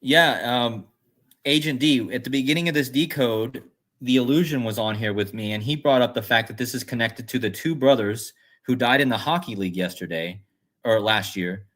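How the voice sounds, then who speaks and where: A man's voice: mid-range voice, normal speed, fairly bright tone. A man hosting a casual livestream, talking in a loose, rambling way. He muses aloud and reacts to viewers' comments as he goes, in an ordinary mid-range voice. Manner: rambling, musing aloud, reads chat comments. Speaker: livestream host.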